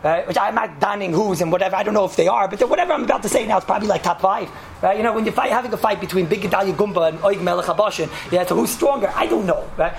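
A man's voice: high voice, rapid-fire, vocal fry, a little hiss or hum. A man giving a casual, rambling Torah talk, telling a story and sprinkling his speech with Hebrew and Yiddish terms.

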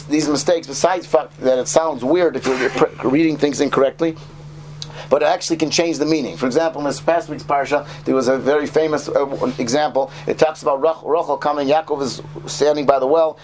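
A man with a slightly raised voice teaches a quick informal lesson to a class. He rambles, restarts words and throws questions at his listeners. A faint hum sits under the recording. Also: a little high, a little mellow. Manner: rambling, self-correcting, quizzes listeners. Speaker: Torah teacher.

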